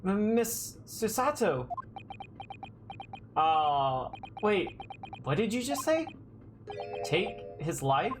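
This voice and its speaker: A man's voice: high-pitched, very animated, drawn-out words, pauses often, full character voice. A man voicing a nervous young male student who stammers and gets flustered, over game music.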